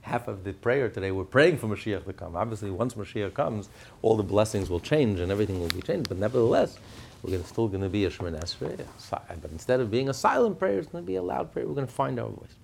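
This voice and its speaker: A rabbi teaches a Torah class, telling stories with animation, posing rhetorical questions and acting out the words of the people he quotes. His voice is on the low side, fast and creaky, with slight background noise.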